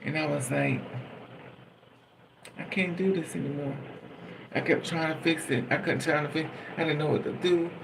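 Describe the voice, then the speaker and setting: A man's voice: fairly high pitch, fairly even intonation, fairly quick, gravelly, few pauses, background noise. A man talking in a raw, profane personal monologue, venting bluntly and emotionally as a vlogger.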